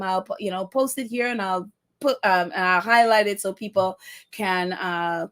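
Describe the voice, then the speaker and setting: Chatty woman livestream host, higher voice. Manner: chatty and warm toward viewers, many fillers. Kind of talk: casual live chat reading viewer comments.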